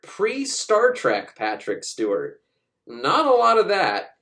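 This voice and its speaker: A man's voice: high-pitched, huge pitch swings, a bit bright. A man sarcastically recapping a film in casual talk, swearing and jumping into voices of the characters. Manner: sarcastic, swearing, acts out lines in quick put-on voices. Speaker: movie recapper.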